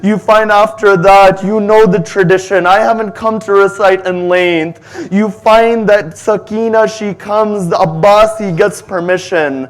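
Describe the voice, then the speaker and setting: A man's voice: sits high, steady tone, a little slow. A man delivering a religious majlis sermon, telling the story with passion and quoting Arabic lines that he then translates. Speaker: majlis speaker.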